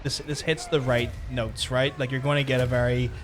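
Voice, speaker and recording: A Northern Irish man co-hosting a live talk show, chatting in a relaxed, rambling way with lots of fillers. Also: mid-range voice, moderate pace, slight background noise. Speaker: co-host. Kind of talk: casual chat.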